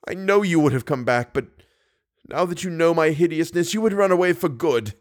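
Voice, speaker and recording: A man voicing a hideous masked phantom who swings between roaring and low hissing, in an audiobook reading. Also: lively intonation, fairly quick, lightly acted. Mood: anguished.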